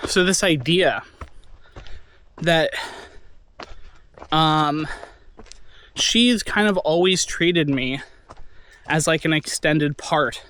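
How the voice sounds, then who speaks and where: A man in a reflective personal monologue, teary and sniffling, talking haltingly with long pauses and apologies. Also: fairly high pitch, fairly bright tone, slight background noise. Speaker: vlogger.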